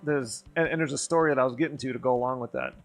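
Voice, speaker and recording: A man with a gravelly, mid-range voice talks very fast over soft background music while streaming. Tipsy from a few drinks, he tells a rambling, profane story in a casual chat, getting animated and worked up as he goes.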